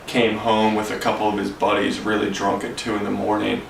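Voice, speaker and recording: A young man tells the story in a relaxed way and swears casually. His voice is low and gravelly. It sounds roomy and distant, with faint noise. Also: fairly quick.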